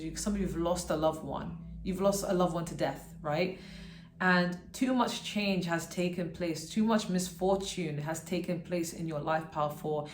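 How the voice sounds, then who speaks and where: Woman tarot reader, lowish voice, earnest and rambling, checks in with "okay?", echoey room. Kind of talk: pick-a-card tarot reading.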